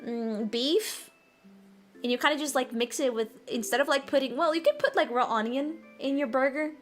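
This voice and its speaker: Young female streamer, bright high register, loose chatty delivery that laughs a lot, soft music underneath. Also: moderate pace. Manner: chatty, giggly, rambling with frequent laughs. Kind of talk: casual cooking stream chat.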